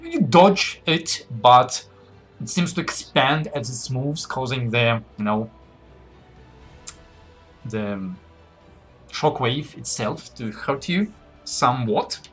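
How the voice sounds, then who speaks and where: A man's voice: mid-range voice, expressive, slow pace, long pauses, a bit bright, slightly rough, faint music behind. A man narrating as game master in a casual tabletop game session, talking loosely with fillers as he thinks aloud.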